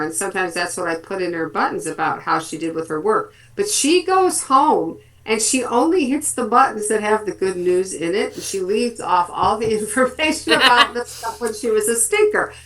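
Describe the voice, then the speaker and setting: Brief: woman in her fifties, therapist, chatty and animated in a web chat. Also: mid-range voice. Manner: lively storytelling, quotes kids and family. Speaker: speech and language therapist.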